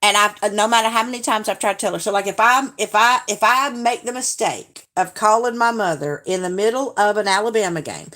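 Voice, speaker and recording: A woman's voice: medium pitch, fairly quick, hardly any pauses, sharp tone. A woman chatting casually on a live stream, reading viewer comments aloud and laughing often.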